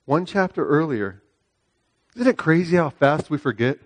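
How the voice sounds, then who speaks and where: A middle-aged man preaching a sermon, telling a personal story. He speaks emphatically and repeats phrases, often asking "right?", and swings between loud, high preaching and quieter storytelling. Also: animated, moderate pace, dry recording.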